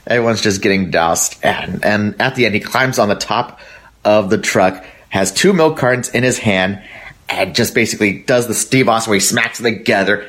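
A man's voice: on the low side, normal speed, fairly bright tone. A man sending a recorded voice message to a podcast, rambling through a memory and laughing at it. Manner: rambling storytelling, laughs at his own tale.

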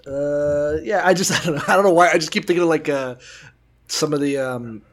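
A man's voice: on the high side, a little fast, a bit bright. A man co-hosting a podcast in a casual, rambling way, profane and sarcastic. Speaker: podcast co-host. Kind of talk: casual chat.

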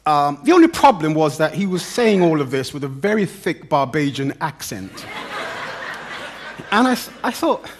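Male preacher, high voice with a wide, sweeping pitch range; animated sermon with humorous touches. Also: noisy background. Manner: animated, dramatic emphasis and pauses, humorous asides.

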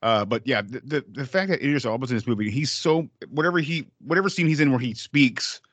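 A man's voice: mid-range voice, fairly quick, a bit bright, no echo. A man co-hosting a film podcast, chatting casually and swearing a lot, raising his voice for quoted lines. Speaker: podcast co-host.

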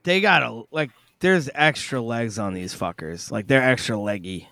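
A man co-hosting a casual podcast, animated, laughing often and swearing. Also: mid-range voice, normal speed, creaky, dry recording, clean studio sound. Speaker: podcast co-host. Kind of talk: casual chat.

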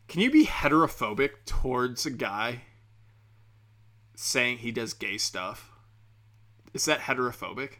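A young man who has had a few drinks rambles through a crude, profane comic rant. His voice is bright and sharp, and his talk is full of fillers and restarts. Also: mid-range voice, vocal fry. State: tipsy from drinking. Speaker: comedian and podcast host.

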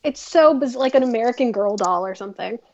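A woman's voice: a little high, quick pace, highs cut off. Chatty woman recapping a show. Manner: chatty, animated retelling with playful asides. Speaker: podcast co-host. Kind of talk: casual chat recapping a drama.

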